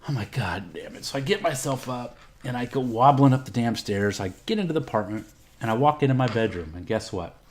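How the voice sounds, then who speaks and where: A man's voice: medium pitch, lively intonation, fast talker. A middle-aged man from Texas, hosting a podcast and telling a personal story in a candid, profane, rambling way. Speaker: podcast host. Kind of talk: casual storytelling.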